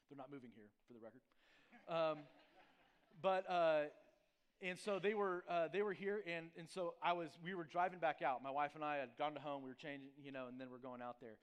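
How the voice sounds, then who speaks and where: A man's voice: a little high, fairly quick, clean tone. A man preaching and praying as a pastor, then telling a casual, self-mocking story with lots of fillers. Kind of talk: sermon with prayer and personal story. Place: church sanctuary.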